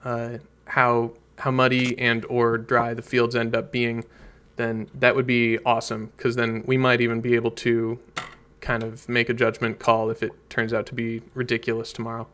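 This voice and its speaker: A man's voice: mid-range voice, completely flat delivery, moderate pace, fairly bright tone, clean tone. Easygoing man hosting a meeting. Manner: friendly, easygoing, encouraging. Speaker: game organizer hosting an online meeting. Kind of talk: casual meeting talk.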